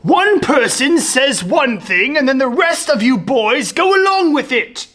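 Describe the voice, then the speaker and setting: A man voicing a mean, gloating male schoolteacher with a British accent and a slow, sneering delivery. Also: very high voice, sing-song, pushed and bright, exaggerated voice. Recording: roomy echoey room.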